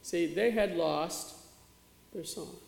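A man's voice: high-pitched, takes it slowly, gravelly. A man preaching a sermon as pastor, in a plain conversational way with occasional fillers, recorded in a church sanctuary. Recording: echoey church hall.

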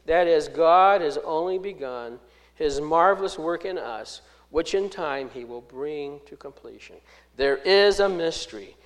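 With a slightly high voice, this preacher reads scripture out loud and unpacks its meaning. He shifts dramatically between loud and soft and slows on the key phrases.

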